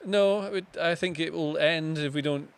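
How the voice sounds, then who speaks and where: A man with a voice sitting a touch higher than most, bantering casually on a live football watchalong. His humour is dry and deadpan, delivered with a straight face. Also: moderate pace, vocal fry, smooth. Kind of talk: casual banter over a match stream.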